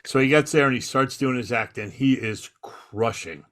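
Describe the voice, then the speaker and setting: Bright-voiced man telling comedy stories. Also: mid-range voice, normal speed. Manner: animated anecdote-telling, acting out other people's lines. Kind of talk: casual storytelling on a podcast.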